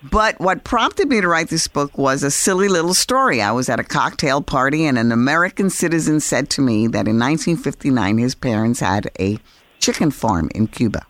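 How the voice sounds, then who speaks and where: An older woman from New York City, a guest in an interview, speaking in a reflective way with hesitant pauses. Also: rumbling low, expressive, no echo. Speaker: author and TV actress, guest. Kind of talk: interview conversation.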